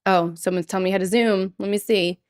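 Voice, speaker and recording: A giggly, chatty woman livestreaming to her viewers through a desk microphone. Her voice sits in a middle pitch, and she breaks off now and then to mimic a quoted line in a higher voice. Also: steady tone, a little fast, dry recording, clean studio sound. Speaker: streamer. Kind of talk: casual livestream chat.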